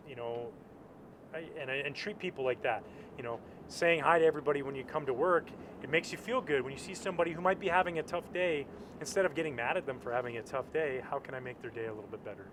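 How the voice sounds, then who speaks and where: A man from Canada, a former pitcher, speaking as an interview guest in a relaxed, reflective way with many fillers. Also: a little hiss or hum. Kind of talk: casual interview chat. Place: outdoors at a ballpark.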